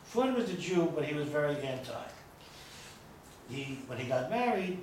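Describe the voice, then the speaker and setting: In a loose, story-filled lecture for a small audience, a rabbi digresses freely and cracks jokes. His voice is a little high and sing-song, at a moderate pace, and it's captured from afar in an echoey room with faint noise.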